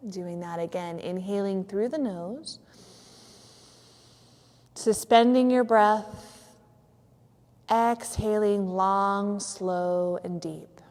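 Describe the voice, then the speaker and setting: A woman yoga teacher gently and slowly guiding a yoga nidra relaxation in a studio, with a few fillers. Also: mid-range voice, long reverb tail. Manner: soft, slow, soothing guidance with some fillers. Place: yoga studio on a cold evening.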